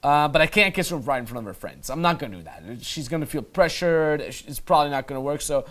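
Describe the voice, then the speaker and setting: Energetic dating coach breaking down footage. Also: male voice, fairly high pitch, fast. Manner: casual, emphatic, swears freely. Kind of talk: voice-over commentary breaking down footage.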